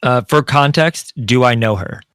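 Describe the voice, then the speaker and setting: A man's voice: medium pitch, moderate pace, fairly bright tone, clear, resonant tone, dry recording, studio quality. A man playing a tabletop game, casually thinking aloud about his character. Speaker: player.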